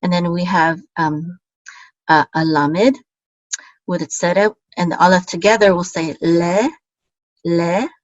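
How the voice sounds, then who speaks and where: A woman with a fairly low voice gives a patient, step-by-step language lesson. She sounds out syllables slowly and repeats them, stopping now and then to correct herself. The recording is close and dry, with no room sound. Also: steady tone, dry recording, dull audio. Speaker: Hebrew teacher.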